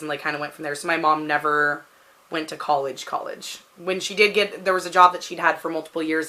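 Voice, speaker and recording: Woman, 30s, Pacific Northwest American accent, rambling vlog chat, bright tone, lowish pitch. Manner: rambling, chatty, frequent "like" fillers. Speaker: vlogger answering a question tag. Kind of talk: casual chat.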